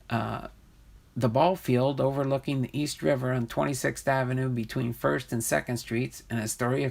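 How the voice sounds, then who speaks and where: This male streamer's gravelly, medium-pitched voice carries a relaxed live chat. He goes through viewer comments, laughs, and experiments with how to pronounce things.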